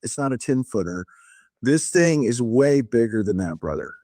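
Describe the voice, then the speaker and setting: A man's voice: medium pitch, moderate pace, dry recording, studio quality. A middle-aged man, a podcast guest, telling a long story in casual conversation and acting out the dialogue with shifts in tone. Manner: animated retelling, acts out dialogue with shifts in tone.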